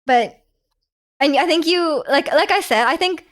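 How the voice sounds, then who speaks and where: A woman's voice: sits high, unhurried. A young woman from Canada chatting casually with viewers on a live stream, rambling with lots of fillers and laughs.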